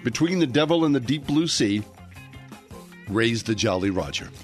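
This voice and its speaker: A man's voice: medium pitch, animated, soft background music. Playful man co-hosting radio. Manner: playful, quick quiz-style prompts. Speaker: radio co-host. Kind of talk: casual radio banter.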